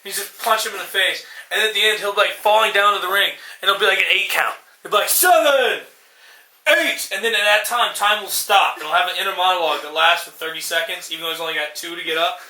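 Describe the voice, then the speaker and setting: Young male co-host, sarcastic profane ranter, sharp high voice, roomy sound. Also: fairly even intonation, fast talker, hardly any pauses. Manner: sarcastic, profane, acts out movie lines. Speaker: podcast co-host. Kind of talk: casual ranting chat.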